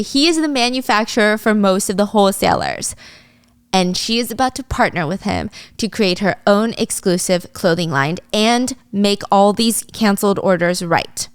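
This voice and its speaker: A woman's voice: mid-range voice, moderate pace, dry recording. A woman in a casual, chatty recap of a drama plot. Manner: chatty, animated.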